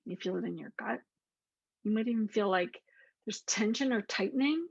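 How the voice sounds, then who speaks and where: A woman explaining emotion coaching to teachers in an earnest, deliberate way, slowing down to repeat key lists. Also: mid-range voice, gravelly, slightly rough, no echo. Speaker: clinician presenting to teachers. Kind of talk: explanatory talk to camera. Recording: dull lo-fi dry voice recording.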